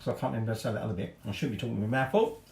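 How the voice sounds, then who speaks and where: A man's voice: medium pitch, steady tone, rapid-fire, vocal fry, a little mellow, reverberant. A middle-aged man from England hosting a home cooking demonstration, chatting casually with rambling, self-deprecating asides. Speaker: home cooking show host. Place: home kitchen.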